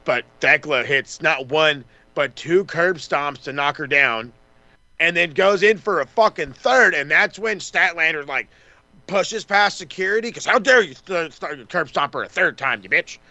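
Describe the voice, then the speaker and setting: A man chats through a wrestling recap on a podcast, profane and excitable. He drops into short mocking impressions of wrestlers. His voice is bright and punchy, sitting a little high, and the sound is dry and close to the mic. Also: moderate pace, dry recording. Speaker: podcast co-host. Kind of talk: casual wrestling recap chat.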